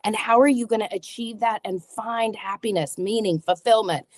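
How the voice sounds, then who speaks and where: A woman psychic guest speaks with expressive, storytelling energy. She acts out the lines she quotes and often restarts her sentences. Her voice is recorded close and dry, with no room sound. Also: mid-range voice, moderate pace, no echo. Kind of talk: animated storytelling in a talk show interview.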